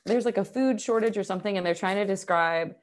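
A woman's voice: mid-range voice, quick pace. A young woman co-hosting a podcast, chatting casually and animatedly, full of "like" and casual swearing. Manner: animated, swears freely, heavy use of "like". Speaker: podcast co-host. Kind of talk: casual chat.

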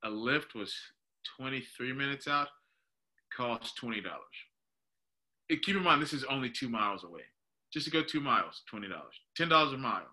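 Young guy, very bright voice, animated storyteller, podcast co-host. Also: mid-range voice, a little fast. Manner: animated, laughing, says "dude" and "bro". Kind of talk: casual storytelling chat.

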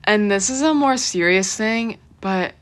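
A soft-spoken woman chats on a casual podcast at an unhurried pace. Her voice sits at a middle pitch, and she measures out each thought. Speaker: podcast co-host. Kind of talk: casual chat.

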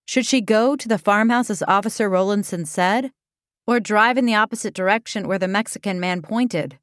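A woman narrating a comic story in a level, deadpan read. Her voice sits at an ordinary middle pitch. The sound is close and dry, with no room around it. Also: moderate pace, dry recording. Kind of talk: reading a comic story aloud.

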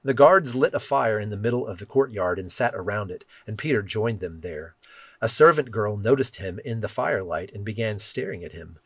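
A man reading scripture aloud and leading a prayer in a measured, solemn way, letting phrases fall softly at their ends. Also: fairly low pitch, lively intonation, slightly rough, no echo. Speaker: scripture reader. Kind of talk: devotional Bible reading and prayer.

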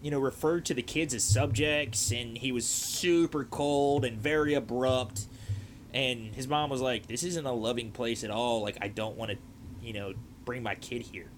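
A man's voice: mid-range voice, steady tone, normal speed, a little hiss or hum. A man hosting a podcast, telling a story in a casual, rambling way with lots of fillers and restarts. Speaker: podcast host.

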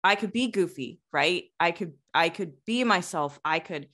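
A woman's voice: on the low side, animated, moderate pace, a bit bright. A woman, a Marine veteran hosting a podcast, talking earnestly in a rambling way. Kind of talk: conversational interview.

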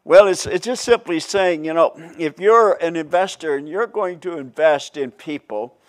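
A preacher leads a Bible study in a folksy, conversational way. He chuckles often and stops to restart his phrases. His voice sits a bit higher than most men's. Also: moderate pace.

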